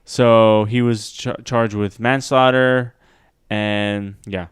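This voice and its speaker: A man's voice: fairly low pitch, fairly even intonation, slow pace, clean tone, no echo, clean studio sound. A man co-hosting a podcast, reading a true-crime story with mock suspense and now and then laughing at it. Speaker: podcast co-host.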